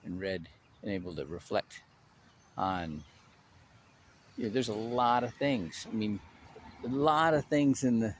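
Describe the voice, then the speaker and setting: A man talking casually on his own channel, an animated storyteller who restarts his sentences often and stresses his points. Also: lowish voice, measured pace, pauses often, a little hiss or hum.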